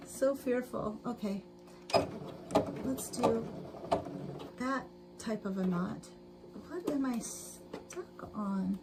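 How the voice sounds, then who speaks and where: A woman's voice: medium pitch, slow, pauses often. A woman hosting a casual sewing livestream, chatting to viewers and talking herself through each step, laughing often. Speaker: livestream host. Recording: noisy livestream audio with sewing machine. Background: sewing machine noise.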